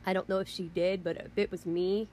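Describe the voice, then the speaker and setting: A woman's voice: on the low side, little pitch movement, brisk, a little mellow, a little hiss or hum. A woman telling a story on her vlog as an angry, rambling rant, often saying "you know" and "I mean" and cursing in exasperation. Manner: swears in exasperation. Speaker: vlogger.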